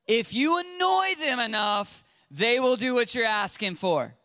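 A man preaching a sermon in an animated way, acting out quotes and swinging from loud to hushed. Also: extremely high pitch, measured pace, few pauses, no room sound, studio quality. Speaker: pastor.

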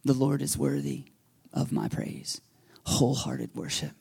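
A man preaching a sermon as pastor, telling a story with lively quoted voices and sometimes dropping to a whisper. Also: mid-range voice, a little slow, gravelly, breathy edge. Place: church sanctuary.

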